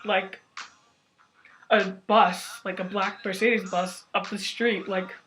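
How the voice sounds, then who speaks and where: A young woman telling a story to her camera in a casual, rambling way, excitedly piling up "like" as she goes. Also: mid-range voice, takes it slowly, soft background music. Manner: excited, rambling, heavy use of filler "like". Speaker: vlogger.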